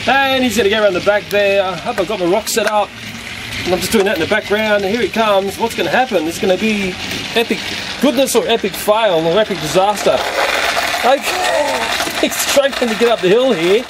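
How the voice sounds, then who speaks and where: A middle-aged man with a high voice runs a hands-on toy demonstration, chatting to his viewers and chuckling as he goes. A loud mechanical whirr and background noise run under his voice throughout. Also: brisk. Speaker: toy reviewer.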